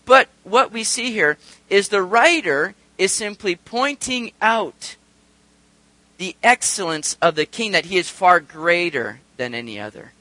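A man delivers a sermon in a high, lively voice that climbs and falls as he asks rhetorical questions and briefly acts out the people he quotes. His tone is bright and forceful. The sound is dry and close. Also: moderate pace, dry recording, poor audio. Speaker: pastor.

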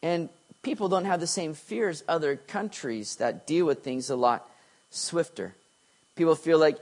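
A middle-aged man preaching a sermon, telling stories with swings from quiet asides to excited bursts. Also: fairly high pitch, unhurried. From Canada. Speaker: pastor.

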